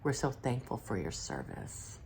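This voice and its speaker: A woman relaying the words of a gentle male reptilian alien guide in her own low voice, speaking in a warm and reassuring way. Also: huge pitch swings, unhurried, gravelly, slight background noise, heavily acted.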